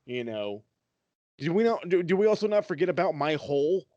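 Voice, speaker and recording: A man's voice: a little high, very animated, fairly quick, dark tone, dry recording, muffled recording. A man co-hosting a wrestling podcast, ranting in a heated, profane, sarcastic way. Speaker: podcast co-host.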